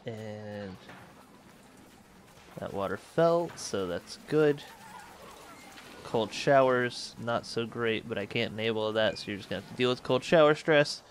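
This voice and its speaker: A man's voice: medium pitch, animated, measured pace, pauses often, a little hiss or hum. A man hosting a let's play, thinking aloud and correcting himself as he manages a space colony game. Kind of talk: casual gameplay commentary.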